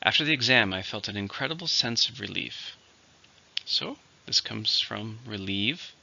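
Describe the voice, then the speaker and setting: A man teaching English vocabulary in a scripted lesson, saying each word slowly and clearly and then repeating it. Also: lowish voice, lively intonation, bright, forceful tone. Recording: dull lo-fi recording.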